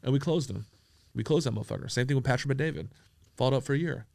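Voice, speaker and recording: A man from San Diego telling profane, animated stories as an interview guest, acting out the dialogue he quotes. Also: medium pitch, very fast, vocal fry, no echo. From San Diego, USA. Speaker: entrepreneur guest. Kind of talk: casual storytelling interview.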